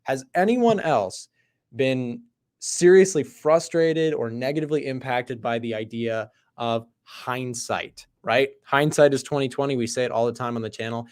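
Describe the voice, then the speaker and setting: A man hosting a live trading stream, talking casually through charts, animated and emphatic, often checking in with "right?". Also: mid-range voice, moderate pace. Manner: conversational, asks "right?" often; animated, emphatic, loud bursts. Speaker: trading livestream host. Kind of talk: live market commentary.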